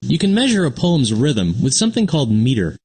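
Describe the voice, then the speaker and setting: Friendly cartoon explainer, upbeat, lively swooping voice, scripted educational narration. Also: male voice, medium pitch, a little fast, breathy edge. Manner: upbeat, explains simply and answers an unheard sidekick.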